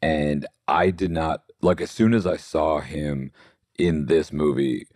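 A man's voice: extremely low pitch, fairly even intonation, slow pace, a little mellow, no room sound, clean studio sound. A man co-hosting a podcast, giving blunt, profane opinions in casual chat. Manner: blunt, swears freely. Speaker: podcast co-host. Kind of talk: casual film review chat.

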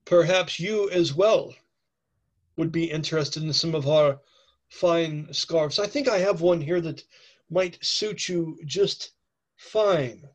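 Sly slow-talking scarf seller guy, man doing the voice, smooth and suave. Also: a little high. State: has a cold. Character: suave adult male scarf merchant.

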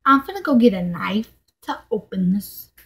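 A woman's voice: medium pitch, very animated, normal speed, fairly bright tone. A young woman filming a casual unboxing vlog at home on a distant camera mic, exasperated and swearing, saying "like" constantly. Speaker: vlogger.

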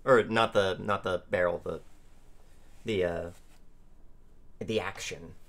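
Low-voiced man playing a tabletop game. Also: fairly even intonation, slow pace, gravelly, a bit bright. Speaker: player. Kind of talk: describing his character's actions.

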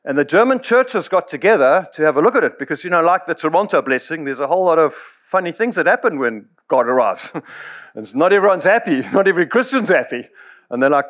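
Storytelling pastor. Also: male voice, fairly high pitch, sing-song, a little fast, fairly bright tone. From South Africa. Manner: storytelling, acts out quoted voices, chuckles often. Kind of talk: sermon.

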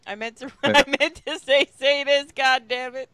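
A woman's voice: high-pitched, fairly even intonation, normal speed, bright, forceful tone, dry recording. A woman reading a fan story aloud with friends in a casual, swearing, teasing way. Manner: profane, laughing, teasing. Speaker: group reader.

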